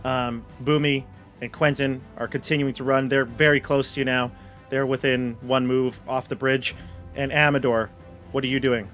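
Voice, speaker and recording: He sounds like a laid-back guy running a dungeon game, thinking aloud with plenty of ums and stops and starts. His voice sits at an ordinary middle pitch, and soft music plays behind him. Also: normal speed. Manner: relaxed, rambling with fillers. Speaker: dungeon master.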